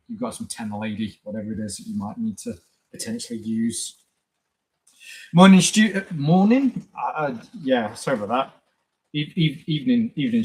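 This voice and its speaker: A man with a husky, slightly breathy voice chats loosely on a live stream. He rambles from point to point and greets viewers by name as they arrive. His pitch sits in an ordinary middle range for a man. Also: a little mellow, poor audio. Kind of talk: casual live stream chat.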